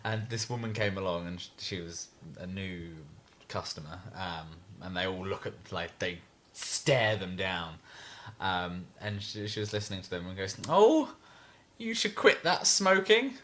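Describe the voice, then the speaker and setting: A young man chats loosely on a podcast, his voice sitting low yet sounding bright and forward. He stumbles through anecdotes with repeated words and fillers, circling back as he goes. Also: steady tone, a little hiss or hum. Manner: rambling storyteller, halting with many restarts. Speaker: podcast co-host. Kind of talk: casual chat.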